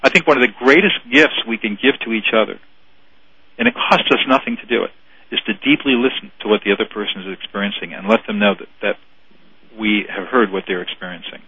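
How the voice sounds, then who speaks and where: Brief: male mediator guest, earnest explainer, bright but husky tone, dull lo-fi line. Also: fairly low pitch, fast talker, no room sound. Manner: earnest, repeats words while explaining. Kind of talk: explanatory radio interview.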